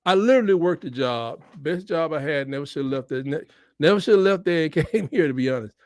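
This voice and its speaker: A man giving live, excitable reaction commentary on a football game, swinging between shouts and mutters. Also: a little high, fast, dry recording, clean studio sound. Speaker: fan watch-along host.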